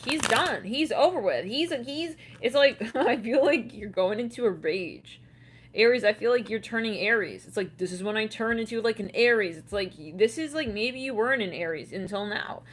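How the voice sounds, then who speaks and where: A woman's voice: medium pitch, slight background noise. Chatty woman giving a tarot reading. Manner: chatty, laughs often, swears casually. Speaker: tarot reader.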